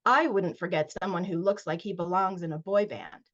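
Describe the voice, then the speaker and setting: A woman author reading aloud from her middle-grade novel at a virtual launch event, expressive in the first person, with short casual recaps. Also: on the low side, moderate pace. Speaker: children's book author. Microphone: video call. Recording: dull lo-fi video call audio.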